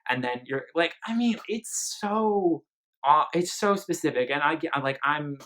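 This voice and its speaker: A man from Philadelphia talks through an album in a loose, gossipy way, dropping "like" and "girl" into nearly every line. His voice is bright and a little pressed. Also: fairly high pitch, expressive, measured pace. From Philadelphia, Pennsylvania. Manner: chatty and gossipy, full of "like" and "girl". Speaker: music reviewer. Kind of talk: casual album review vlog.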